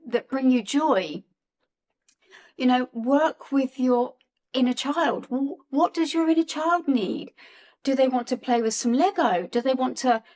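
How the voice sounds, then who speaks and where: A woman in her forties with a slightly raised pitch, talking straight to viewers about feelings. She is earnest and emotional, circling back over her words as she goes. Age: 40s. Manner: earnest, emotional, repeats and restarts phrases. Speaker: guest on a spiritual channel. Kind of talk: heartfelt spiritual talk to viewers.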